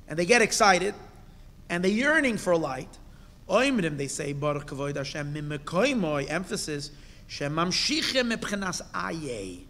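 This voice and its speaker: A rabbi with a high, bright voice teaching a Torah class, recorded with a long reverb that rings through the hall. He reads out each Hebrew phrase, then explains it in English with emphatic bursts and pointed questions. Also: sing-song, normal speed.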